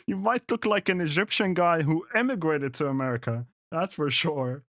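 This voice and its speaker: A man's voice: a little high, normal speed, fairly bright tone, no echo, studio quality. A man commenting live on a stream, reacting to clips with amused exasperation and stammered restarts.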